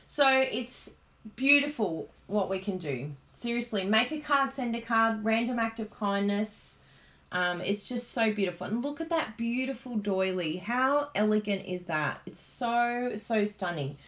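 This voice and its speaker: A woman's voice: mid-range voice, expressive, a little slow, fairly bright tone. Chatty Australian woman in a roomy room. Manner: chatty and gushing, laughs often. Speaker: card-making demonstrator. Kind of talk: casual live-stream chat. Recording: roomy, echoey room sound.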